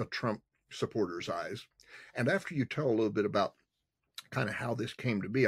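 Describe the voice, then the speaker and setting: Husky low-voiced male host. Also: no echo, clean studio sound. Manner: measured, explaining with small hesitations. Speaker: podcast host. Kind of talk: interview questions.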